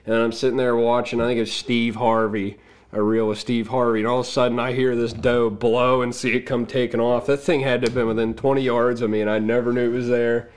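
A man's voice: mid-range voice, little pitch movement, fairly quick. A man speaks as a podcast guest in an easygoing, anecdotal way. His voice sits in an ordinary middle register, and he tells stories casually, chuckling at his own punchlines. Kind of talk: casual storytelling.

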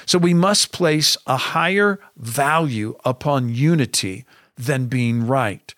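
Middle-aged male pastor, slightly high voice, earnest and emphatic, podcast talk, dry close mic. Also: a bit bright, no room sound. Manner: earnest and emphatic, preacher cadence.

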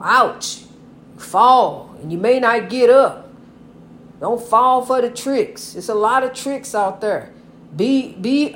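An older woman, a grandmother, giving casual inspirational advice about God in a folksy, repetitive way, calling the listener honey. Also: high-pitched. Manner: preachy, God-centered encouragement.

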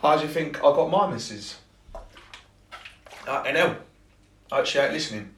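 A man's voice: a little high, lively intonation, moderate pace, a bit bright. A young man, a coach, talking casually and bluntly on a podcast, swearing and joking at his own lines. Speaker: fitness and confidence coach. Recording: echoey room.

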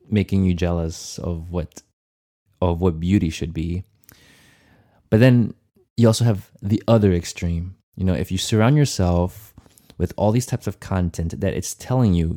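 A man's voice: low voice, moderate pace, mellow. A man co-hosting a podcast, speaking thoughtfully and with some hesitation in casual chat. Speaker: podcast co-host.

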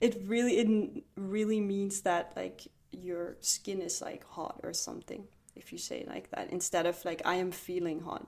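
A woman's voice: lowish voice, brisk, hardly any pauses, a little mellow. A woman co-hosting a casual language podcast, chatty, often agreeing and repeating words back. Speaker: podcast co-host. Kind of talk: casual language lesson chat.

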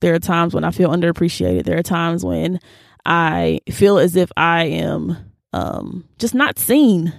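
A young woman reflects on faith in an earnest, casual way, and her voice gets animated when she acts out what people said. She sits in a small room with a dry sound that has hardly any echo. Her pitch sits in the middle. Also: gravelly. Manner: earnest and animated, slips into quoted voices, Southern-leaning casual speech. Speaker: faith vlogger. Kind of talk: personal Bible reflection, casual talk.

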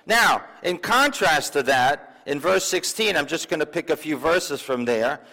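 Man preaching, slightly high voice, long church reverb. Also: lively intonation, measured pace, sharp tone. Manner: conversational, with asides and questions to the congregation. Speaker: pastor. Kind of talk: sermon. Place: church sanctuary.

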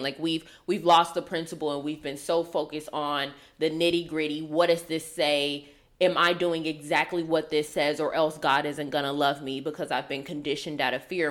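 Southern woman, low voice, thoughtful podcast guest. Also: a bit bright. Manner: thoughtful, reflective, with fillers. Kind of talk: casual podcast chat.

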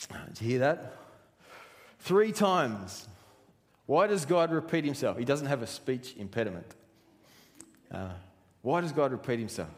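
A man preaches from the front of a church. His voice sits at an ordinary middle pitch and fires off question after question. A long reverb from the large hall trails behind each phrase. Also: expressive, normal speed, pauses often. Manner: earnest preaching, full of rhetorical questions. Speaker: pastor. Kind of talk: sermon.

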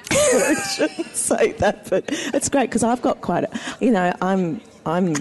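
A woman's voice: medium pitch, sing-song, slow pace, music in the background. A middle-aged woman from Australia, with an accent mixed toward American, chatting as a self-deprecating comedian guest who laughs often. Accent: Australian with American mix. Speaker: guest comedian, actor and writer. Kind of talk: casual interview chat.

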